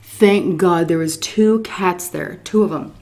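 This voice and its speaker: A woman with a slightly low voice tells a long story while eating on camera. She is animated and expressive, often switching to high voices for the people she quotes. Between bites she drops into soft whispers. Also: takes it slowly. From Texas. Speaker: mukbang storyteller.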